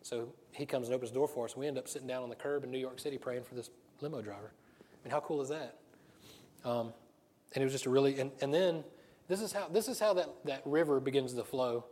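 A man's voice: medium pitch, quick pace, darkish tone. A middle-aged man preaching a casual, conversational sermon, laughing often and restarting his sentences. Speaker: pastor.

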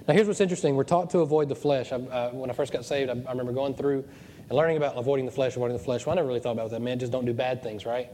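A man's voice: medium pitch, fairly even intonation, racing, mellow, a little hiss or hum. A man preaching a sermon as pastor of his church, joking and digressive as he goes. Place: church hall. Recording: long church reverb.

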